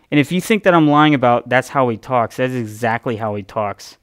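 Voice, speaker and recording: A man's voice: medium pitch, expressive, brisk, hardly any pauses, clear, resonant tone, no room sound, clean studio sound. Rambling, profane male streamer. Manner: rambling, profane, self-interrupting. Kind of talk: casual rambling storytelling. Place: home streaming setup.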